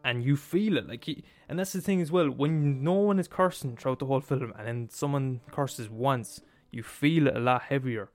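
A man's voice: mid-range voice, normal speed, few pauses, faint music behind. Profane man ranting on a podcast. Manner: profane, emphatic, laughs at his own points. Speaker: podcast host. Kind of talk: comedic rant.

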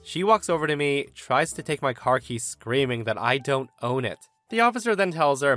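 A man narrating a first-person story in an animated storytelling manner. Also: mid-range voice, normal speed, few pauses, no room sound, soft background music. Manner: animated storytelling with shifting voices.

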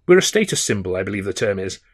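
A man voicing a formal, deadpan English butler with a dry wit and an English accent. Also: on the low side, fast, breathy edge.

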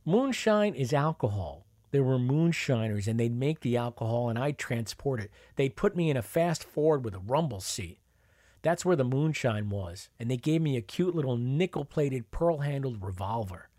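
A man's voice: medium pitch, animated, normal speed, a little mellow, dry recording, clean studio sound, lightly acted. A man voicing a proud, sly older Southern woman with a Southern accent, boasting as she reminisces. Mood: boastful.

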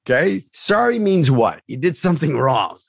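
A man's voice: a little high, sing-song, moderate pace, gravelly, husky, no room sound. Man hosting with a dry, close sound. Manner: rambling, many fillers. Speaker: podcast host, acting teacher. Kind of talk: casual chat.

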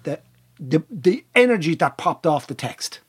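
A middle-aged Irish man on a podcast, telling a long animated family story and acting out the voices of the people in it. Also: on the high side, measured pace, slight background noise. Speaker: podcast co-host. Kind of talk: casual storytelling chat.

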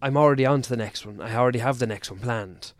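Male guest, mid-pitched, dry mic, halting and self-deprecating. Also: dry recording. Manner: hesitant, self-deprecating, repeats himself. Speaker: podcast guest, endurance athlete. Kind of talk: casual podcast conversation.

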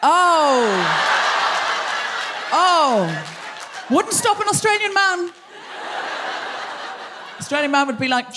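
On a theatre stage, a woman hosting a live comedy show banters with the audience, doing teasing, chatty crowd work with quick asides. Her voice is very high-pitched and animated, with background noise behind it.

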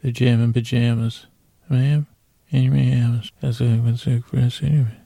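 Mumbly slurry bear thing, low and gravelly, flat tone, a guy doing it. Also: normal speed, no echo. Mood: mumbling. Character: mumbling sleepy bear creature.

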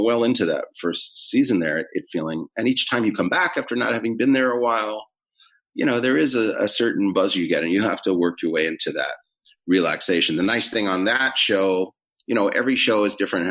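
Middle-aged male actor, very low voice, easygoing interview guest who rambles and hedges. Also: a little fast. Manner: relaxed, rambling with many fillers. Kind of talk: casual interview chat.

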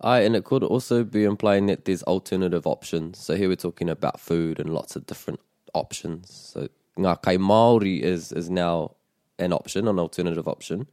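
A man teaching Māori phrases in a relaxed conversational lesson, modelling each phrase with lively intonation. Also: sits low, moderate pace, no room sound, studio quality. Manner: explains phrases, models them with expressive intonation.

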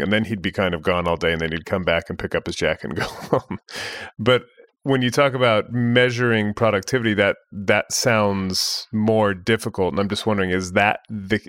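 Deep-voiced male interviewer, rambling questions. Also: fairly bright tone, dry recording, studio quality.

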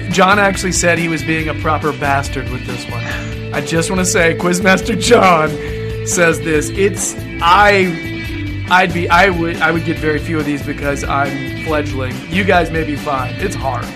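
A man's voice: a little high, a little slow, music in the background. Laid-back man hosting a podcast. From American South. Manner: rambling, laughing, swears casually. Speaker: podcast host. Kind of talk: casual podcast chat.

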